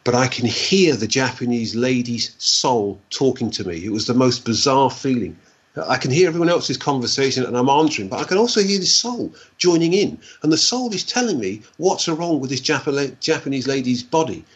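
A man tells a personal story in conversation, often stumbling and repeating himself. His voice is husky and sits at an ordinary pitch. The recording sounds dull and lo-fi. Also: lively intonation. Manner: halting, repeats words, fillers like "like, you know". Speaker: guest.

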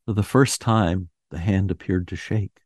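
A man hosting a radio show, reading a classic ghost story aloud in a measured, solemn narration. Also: sits low, darkish tone, no room sound, studio quality.

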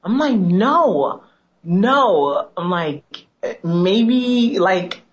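A woman's voice: medium pitch, drawn-out words. A young woman co-hosting a casual chat show, telling stories with lots of laughter and quoted voices. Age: 20s. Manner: chatty storyteller, laughs often, animated quoting. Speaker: co-host. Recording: dull lo-fi sound.

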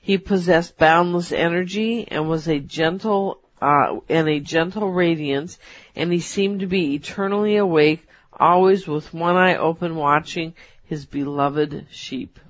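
A woman co-hosting a talk show, reading a personal story aloud in a measured storytelling manner. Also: sits low, dry recording. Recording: dull, dry.

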